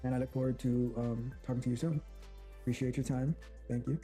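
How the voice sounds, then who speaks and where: A man gives a recorded self-introduction about his working life. He speaks hesitantly and pauses often. His voice sits at an ordinary middle pitch, with faint music behind him. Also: steady tone, warm tone. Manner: hesitant, with many pauses and fillers. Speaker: quality assurance engineer.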